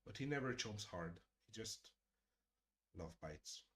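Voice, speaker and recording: A middle-aged man hosting a casual live stream, chatting with viewers in a joking, profane way and murmuring softly to his cat. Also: fairly low pitch, expressive, measured pace, breathy edge. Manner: profane, joking, addresses chat directly; drops to soft murmurs talking to his cat. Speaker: streamer hosting a creator hangout.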